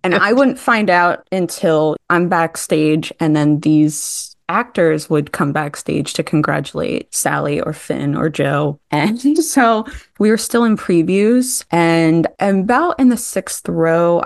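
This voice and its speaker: A woman in her twenties, a stage actress as interview guest, telling anecdotes in a casual, animated way, laughing and acting out what others said. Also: lowish voice, takes it slowly, gravelly, hardly any pauses, dry recording, studio quality. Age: 20s.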